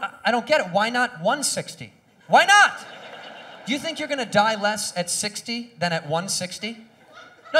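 On stage, a man in his thirties performs an animated stand-up comedy set in a high voice. He acts out quoted voices and shouts his punchlines.

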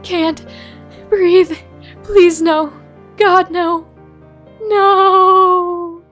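A woman's voice: on the high side, fairly even intonation, measured pace, soft background music. A woman voicing a dying male snowman who pleads desperately and gasps in agony. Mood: panicked, choking. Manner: desperate, gasping pleas. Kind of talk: comic dramatic reading.

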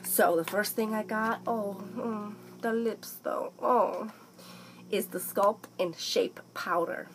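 Excitable young woman chatting a haul. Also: mid-range voice, slow, slight background noise, low-quality recording. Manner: excitable, bursts into song, slips into put-on accents. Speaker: beauty vlogger. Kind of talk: casual makeup haul chat.

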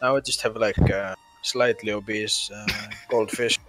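A young man, a gamer, telling a silly story in a deadpan way in casual voice chat. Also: on the low side, a little slow, faint music behind.

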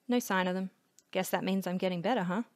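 A man's voice: sits high, fast talker. A woman voicing a sullen, evasive teenage boy with a dry, dismissive way of talking, in a storybook reading.

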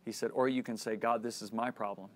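A man's voice: on the low side, steady tone, quick pace. Earnest middle-aged male Bible teacher. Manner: earnest storytelling, acts out dialogue. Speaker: Christian teacher. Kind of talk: teaching lesson with personal story.

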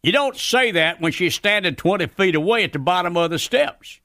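An actor playing a loudmouthed, folksy redneck commentator, ranting ungrammatically in a scripted radio comedy bit. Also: male voice, high-pitched, expressive, moderate pace, dry recording, clean studio sound, full character voice. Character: loudmouthed folksy redneck male commentator, middle-aged, grumpy.

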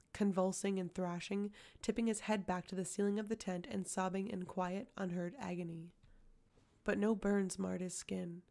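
A woman reading a fantasy novel aloud as audiobook narration, steady and even. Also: medium pitch, vocal fry. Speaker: audiobook reader.

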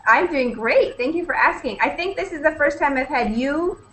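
A young woman from British Columbia, Canada, teaches English conversation online and cheerfully welcomes her students one at a time in an upbeat class chat. Her voice sits high and sounds expressive and a bit bright, with a moderate pace, though the audio quality is poor.

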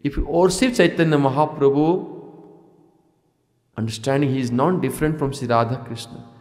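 A man's voice: medium pitch, moderate pace, darkish tone. A man giving a devotional lecture, asking rhetorical questions and chanting verses. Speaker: spiritual teacher. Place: ashram hall. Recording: echoey hall reverb.

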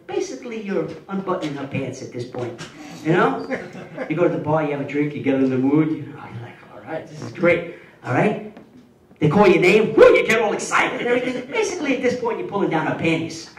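An older man performing a stand-up routine, telling an animated story and drawing out slow, savoring passages. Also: on the high side. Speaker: stand-up comedian. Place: comedy club stage. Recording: roomy club sound from a distance, loud audience. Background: audience laughter.

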